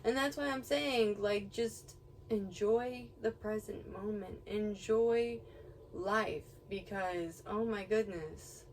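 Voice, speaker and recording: A woman's voice: mid-range voice, takes it slowly. A young woman vlogging outdoors, giving a casual, rambling motivational rant full of swearing and laughing asides. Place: outdoors near home, birds around. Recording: distant mic with faint background noise.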